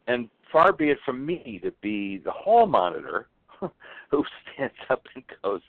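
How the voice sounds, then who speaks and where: Animated man on a tinny phone line. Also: mid-range voice, moderate pace, no room sound. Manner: lively, acts out quoted dialogue. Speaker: author guest. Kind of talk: animated storytelling on an interview show.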